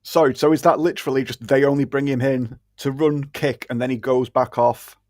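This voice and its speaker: A man's voice: mid-range voice, steady tone, a little fast, darkish tone, no room sound, clean studio sound. A man co-hosting a podcast, curious and asking clarifying questions in a casual chat.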